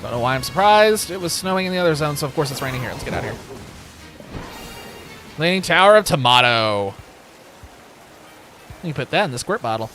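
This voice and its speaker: A man's voice: on the high side, lively intonation, brisk, long pauses, fairly bright tone, soft background music. A man chatting casually while livestreaming a game, joking, rambling and laughing often. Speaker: streamer. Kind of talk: casual gaming livestream chat.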